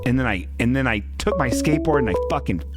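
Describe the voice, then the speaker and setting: A man co-hosting a comedy podcast, ranting profanely and spinning absurd deadpan stories. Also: medium pitch, quick pace, over loud music. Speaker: podcast co-host.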